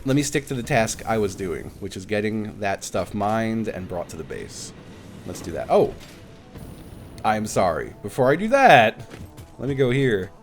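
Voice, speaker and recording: A man's voice: on the low side, a little slow, faint music behind. A man chatting casually on a live game stream, telling stories with lots of laughter. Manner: animated storytelling with frequent laughs. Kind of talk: casual live-stream chat while gaming.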